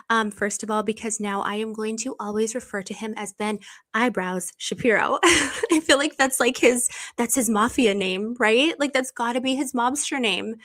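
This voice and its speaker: A woman's voice: a little high, moderate pace, fairly bright tone. A woman hosting a live stream, chatting casually and reading viewer comments in a bubbly, effusive way, laughing often and rambling with many restarts.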